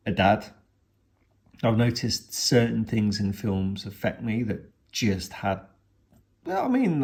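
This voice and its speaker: Gravelly low-voiced man recapping a film. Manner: rambling, retells the plot with many restarts and fillers. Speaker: film reviewer. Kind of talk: casual spoken film review.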